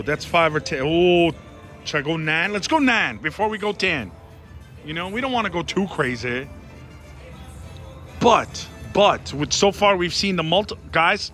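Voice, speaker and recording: A man giving excited running commentary on a slot machine as he plays, talking to his viewers and pleading with the machine, on a casino floor. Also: fairly high pitch. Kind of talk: casual live commentary while gambling. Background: casino music.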